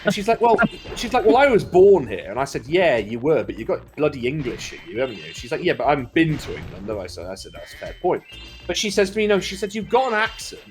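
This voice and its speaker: A man's voice: mid-range voice, fast talker, faint music behind. A Welsh man in casual chat, telling long rambling stories with plenty of swearing and laughter. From Wales. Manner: rambling storyteller, swears freely, lively laughter. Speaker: co-commentator.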